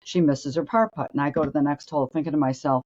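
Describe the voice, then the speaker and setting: Her voice is low, steady, and darkish, and she talks at a quick pace. An older woman, a co-host and ex-tour golfer, she delivers blunt, brash anecdotes with animated impressions of the people in them, in lo-fi sound.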